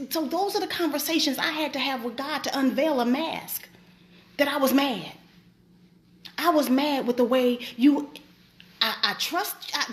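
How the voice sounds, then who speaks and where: A woman's voice: high-pitched, measured pace. A woman, host and preacher, giving a casual faith talk in an emphatic, colloquial way. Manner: emphatic, colloquial, animated storytelling.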